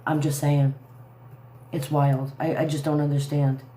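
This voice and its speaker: A woman's voice: low-pitched, little pitch movement, measured pace, dark tone, a little hiss or hum. Woman, livestream commentator, heated, profane, repetitive, roomy echo. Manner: heated, profane, repeats herself. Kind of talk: angry livestream rant. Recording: echoey room.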